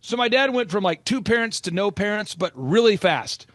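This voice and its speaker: A man's voice: sits high, lively intonation, moderate pace, fairly bright tone, dry recording, studio quality. A middle-aged man from Oklahoma, a podcast host telling a personal story with energy and acting out the people he quotes. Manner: storytelling, acts out quoted voices. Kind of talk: animated storytelling in a podcast chat.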